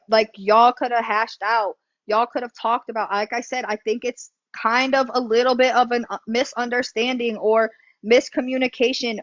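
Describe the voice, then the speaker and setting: A woman speaks in a high voice, bluntly and emphatically, cursing and repeating her points as a livestream host. The sound is close and dry, slightly dull and lo-fi. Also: fairly bright tone, no room sound. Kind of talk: heated livestream talk.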